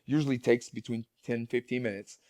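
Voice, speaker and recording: A man's voice: medium pitch, fairly even intonation, fairly quick, darkish tone, no echo, studio quality. A man talking casually as a guest speaker in an interview, speaking with frequent restarts and repeated words. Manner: rambling, many restarts and repeated words, laughs often.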